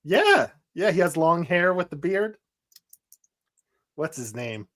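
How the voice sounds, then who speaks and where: Guy with kinda high voice chatting on a stream, opinionated, keyboard clicks. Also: big pitch swings, slow pace, a bit bright. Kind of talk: casual livestream chat.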